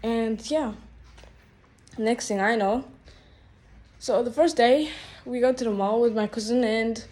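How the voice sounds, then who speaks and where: Exasperated rambling woman, slightly high. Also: measured pace, warm tone. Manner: rambling, exasperated, filler-heavy with "like" and "bro". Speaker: vlogger. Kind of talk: storytime rant.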